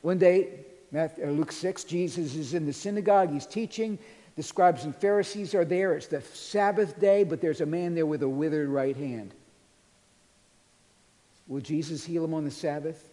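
A pastor preaching a sermon in a church, earnestly retelling scripture and quoting it in a softer voice. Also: male voice, on the high side, moderate pace. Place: church sanctuary. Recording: long reverb of a large hall.

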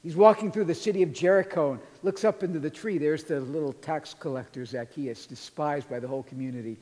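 A pastor preaching a sermon in a church, earnestly retelling scripture and quoting it in a softer voice. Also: male voice, a little high, fairly quick. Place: church sanctuary. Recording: long reverb of a large hall.

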